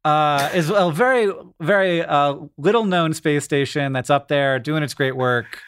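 A man's voice: fairly high pitch, unhurried, fairly bright tone, clean tone. A middle-aged man co-hosting a podcast, chatting casually in a rambling, self-deprecating way and doing the ad reads. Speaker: podcast co-host.

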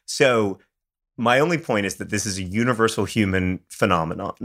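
Low-pitched guy cohost, earnest and self-mocking, lots of restarts. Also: a little fast, fairly bright tone. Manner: thoughtful, earnest, self-deprecating, with false starts. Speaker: podcast co-host. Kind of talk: casual chat.

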